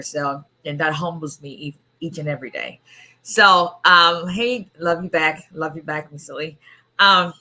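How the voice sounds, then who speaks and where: Woman lawyer host, voice worn hoarse, lower pitch but bright and forceful, chatty and welcoming. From immigrant to the US. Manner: chatty, greets viewers by name. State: hoarse, voice nearly gone. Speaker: immigration attorney. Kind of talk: casual livestream chat.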